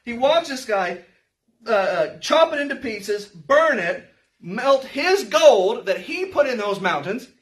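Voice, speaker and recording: A man with a fairly high voice leads a verse-by-verse Bible teaching, leaning on rhetorical questions and casual asides. He sounds a little distant from the microphone, as if picked up from across a meeting room. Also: very animated, takes it slowly. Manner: conversational, rhetorical questions, voice rising to shouts at times. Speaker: pastor.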